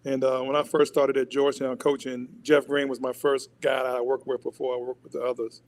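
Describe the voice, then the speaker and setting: A man's voice: mid-range voice, flat delivery, fairly quick. A man, a basketball coach, chatting easily as a guest on a sports talk show. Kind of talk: casual chat.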